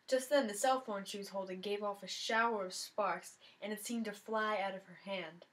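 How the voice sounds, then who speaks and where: A woman reads a mystery novel aloud in the first person, giving the narration plenty of expression. Her voice sits at a middle pitch for a woman, and she addresses her listeners directly at the end of the chapter. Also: steady tone, normal speed, poor audio. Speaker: reader of a novel.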